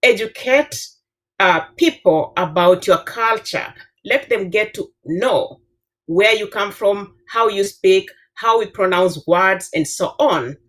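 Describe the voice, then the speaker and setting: A Kenyan woman in her fifties, a professor with a Kenyan accent, giving earnest advice on a panel with frequent filler pauses. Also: medium pitch. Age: 50s. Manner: earnest, advising, many filler uhs. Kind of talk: panel discussion answer.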